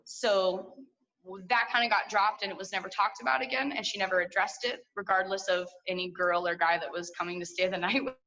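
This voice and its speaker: A woman's voice: medium pitch, fairly even intonation, fairly quick, sharp tone, lo-fi sound. A woman in her twenties telling a personal story at a story slam, candid and profane, full of likes and asides, heard over a video call.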